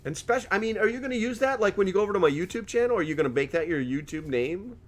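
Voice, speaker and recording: A man's voice: sits high, expressive, fast. A middle-aged man hosting a live stream in casual chat, joking as he reads viewer comments aloud and often laughing.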